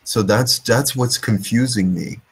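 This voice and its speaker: A man's voice: mid-range voice, a little slow, slightly rough. A man in his twenties in casual group talk, rambling about abstract ideas and tripping over repeated words. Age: 20s.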